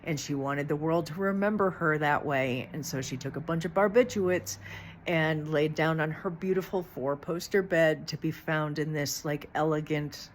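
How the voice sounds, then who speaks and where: A middle-aged woman with a low-pitched voice talks through a loose, rambling monologue, frank and chatty, with the odd curse. A faint hum sits under the recording. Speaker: channel host. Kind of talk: casual monologue.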